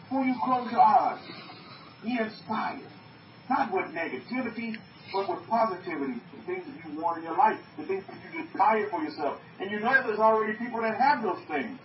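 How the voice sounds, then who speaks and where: A man from North America with a high-sitting voice talks briskly and with lively intonation, preaching emphatically to an online group. He repeats phrases and asks his listeners questions; the sound is muffled, echoey, remote, and slightly noisy.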